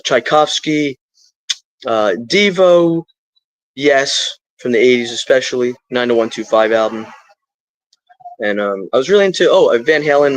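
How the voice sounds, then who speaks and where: A man's voice: medium pitch, no room sound, rough recording. Rambling middle-aged man live streaming. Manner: rambling, stream-of-consciousness with spiritual asides.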